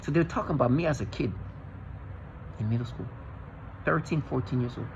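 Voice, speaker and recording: A man's voice: medium pitch, fairly quick, gravelly, a little hiss or hum. Male vlogger, agitated and intense, keeps restarting sentences; muffled lo-fi sound. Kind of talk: rambling monologue to camera.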